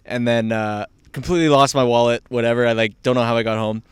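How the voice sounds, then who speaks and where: A man's voice: mid-range voice, fairly even intonation, fast talker, clear, resonant tone, no echo. A man in a casual podcast chat, telling a laid-back story about a night out.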